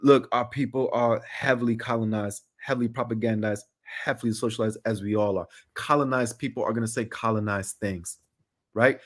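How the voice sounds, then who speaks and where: A man's voice: medium pitch, fairly even intonation, normal speed. A middle-aged man speaking as a podcast guest in casual chat, passionate, repeating phrases for emphasis.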